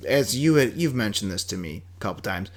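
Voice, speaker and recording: A man's voice: fairly low pitch, expressive, a little fast. A man co-hosting a movie podcast, talking in a rambling, self-correcting way and laughing often. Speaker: podcast co-host. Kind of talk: casual movie chat.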